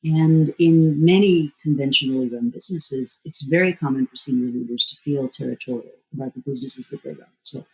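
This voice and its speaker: A woman being interviewed as a strategy expert, answering fluently and at length, with lively jumps in pitch. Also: a little fast, hardly any pauses, low-quality recording. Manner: fluent and explanatory, with sudden lively rises in pitch.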